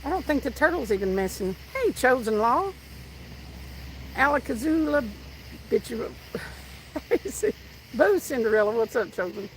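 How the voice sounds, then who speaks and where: A woman's voice: fairly high pitch, big pitch swings, measured pace, pauses often, slight background noise, poor audio. A woman with a Southern US accent, hosting a casual fishing live stream outdoors, chatting with viewers and telling stories. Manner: chatty, reads out viewer comments and tells stories. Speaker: fishing livestream host.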